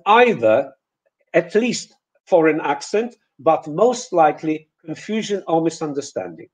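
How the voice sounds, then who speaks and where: Slow, high-voiced man teaching pronunciation. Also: a little mellow, rough recording. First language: Polish. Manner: slow, deliberate, with hesitant restarts and fillers. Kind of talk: webinar lecture.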